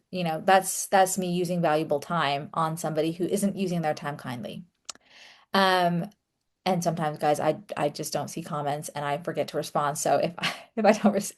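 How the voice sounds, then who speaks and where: A young woman talking casually to her audience, chatty and relaxed, with many fillers and small laughs. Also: on the low side. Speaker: author and content creator. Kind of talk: casual solo talk to camera.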